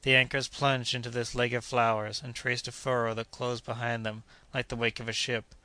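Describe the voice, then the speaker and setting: Bright, crisp male audiobook narrator. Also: normal speed, no echo. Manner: steady reading, characters' shouts voiced a bit higher and louder. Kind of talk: scripted narration.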